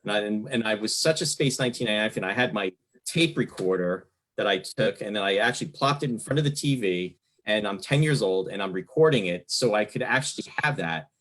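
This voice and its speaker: This podcast host, a New Jersey man in his fifties, chats through a casual interview with a longtime fan's rambling enthusiasm and frequent fillers. His fairly low voice is animated, a bit bright, and a little fast, and the audio is rough.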